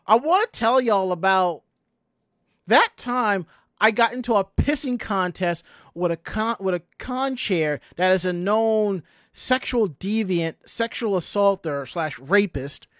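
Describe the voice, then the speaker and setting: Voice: medium pitch, animated, measured pace, a bit bright, no room sound. Podcast host; loose, rambling chat, dry close-mic read. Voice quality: rambling, many restarts. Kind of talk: casual chat.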